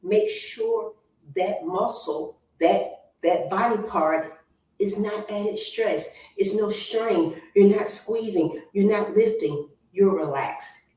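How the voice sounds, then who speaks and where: A woman's voice: mid-range voice, slow pace, mellow. A woman leading an online workout class, counting reps aloud and coaching form in an encouraging way. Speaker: fitness instructor. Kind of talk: guided workout instruction. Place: home exercise room. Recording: echoey room, voice from far off.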